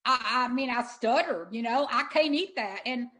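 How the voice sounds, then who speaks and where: Earnest woman, halting and repeating. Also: fairly high pitch, sharp tone, poor audio. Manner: earnest, halting, repeats words when moved. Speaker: interview guest, sanctuary owner. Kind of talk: emotional storytelling in an interview.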